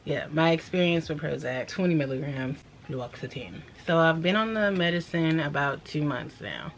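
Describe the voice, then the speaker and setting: A woman's voice: deep voice, lively intonation, moderate pace. Chatty, apologetic young woman vlogging. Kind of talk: casual talk to camera. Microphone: camera propped up nearby. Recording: noisy home recording.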